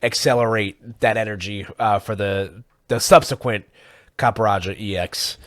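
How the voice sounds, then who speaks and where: Rambling podcast host, dry close sound. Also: male voice, fairly low pitch, fairly even intonation, moderate pace, fairly bright tone, no room sound. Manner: rambling, full of fillers, chuckles often. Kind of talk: casual chat.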